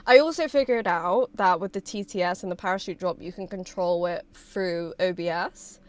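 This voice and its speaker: A young woman, streaming and chatting with her viewers in an excitable, bubbly way and swearing freely. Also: medium pitch, unhurried. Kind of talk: casual livestream chat with viewers.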